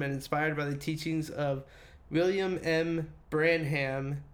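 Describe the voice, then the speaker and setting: Laughing, foul-mouthed podcast man. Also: on the high side. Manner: reads notes aloud, breaks off into profane joking asides; laughs often mid-sentence. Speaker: podcast co-host reading the story. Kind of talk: casual podcast chat.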